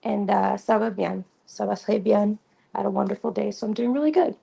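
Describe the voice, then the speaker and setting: Teaching beginner French on a casual livestream, this Creole-origin host speaks fairly quickly in a medium-pitched, creaky, mellow and slightly rough voice. She chats away, repeating phrases with frequent ums and restarts, while her new mic gives a fuzzy, poor-quality sound.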